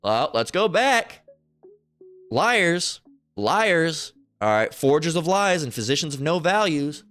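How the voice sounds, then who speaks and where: A man's voice: fairly high pitch, sing-song, takes it slowly, fairly bright tone, soft background music. A man giving a preachy commentary on video clips. He rambles, repeats himself and keeps asking "all right?". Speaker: religious commentator.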